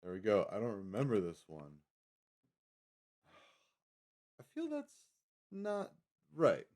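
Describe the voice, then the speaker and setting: A man's voice: lowish voice, huge pitch swings, takes it slowly, a little mellow. A man hosting a livestream, chatting casually and rambling with lots of fillers and self-corrections. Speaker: livestream host.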